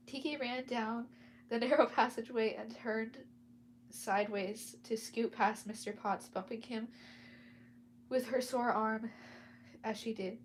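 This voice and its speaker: A woman's voice: a little high, steady tone, measured pace, long pauses, a little hiss or hum. A woman casually reading a novel aloud, stumbling over words and breaking off for chatty asides. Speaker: storyteller.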